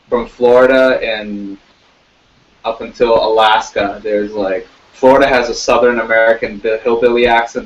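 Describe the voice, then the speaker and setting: A man talking casually and rambling, with halting restarts and frequent swearing. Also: medium pitch, fairly bright tone, slight background noise. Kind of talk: casual chat. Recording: dull lo-fi sound.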